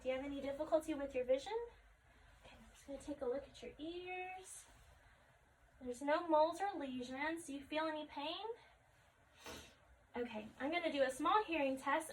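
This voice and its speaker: A woman conducting a step-by-step health assessment, calmly asking questions and repeating the answers back. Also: sits high, fairly quick. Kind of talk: clinical health assessment demonstration. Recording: distant mic with faint background noise.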